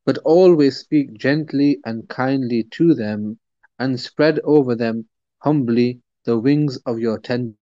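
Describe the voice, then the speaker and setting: A man's voice: mid-range voice, a little slow, mellow, dry recording. Guy giving a quran lesson, chatty with lots of ums, muffled dry sound. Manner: conversational, many fillers and restarts. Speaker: religious teacher. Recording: dull, dry recording.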